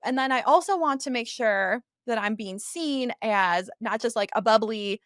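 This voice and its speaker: A woman's voice: fairly high pitch, moderate pace, a bit bright, no room sound, studio quality. A woman co-hosting a podcast, chatting casually in an upbeat, playful way and laughing easily. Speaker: podcast co-host. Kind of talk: casual chat.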